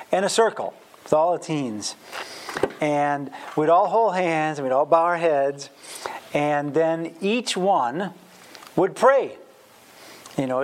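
A man giving a conversational Bible teaching, chatty and self-deprecating, with plenty of fillers. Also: on the high side.

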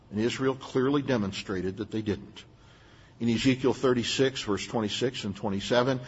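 Earnest and emphatic, an older man preaches as pastor in a fairly low, slightly rough voice, speaking plainly to his listeners in asides. Muffled sound and long hall reverb color the recording.

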